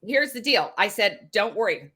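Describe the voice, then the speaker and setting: A woman in her forties co-hosting a podcast, telling a story in a casual, animated way, full of fillers and restarts. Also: medium pitch, moderate pace. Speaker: podcast co-host. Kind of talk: casual chat.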